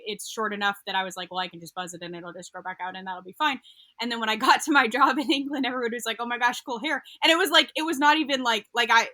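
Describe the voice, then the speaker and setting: A young woman tells her story as a podcast guest, looping back through fillers and restarts. Her voice is bright and a bit high. The recording is dry and close. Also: no room sound. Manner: rambling, full of fillers and restarts. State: getting emotional. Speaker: podcast guest, occupational therapist. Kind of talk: casual interview storytelling.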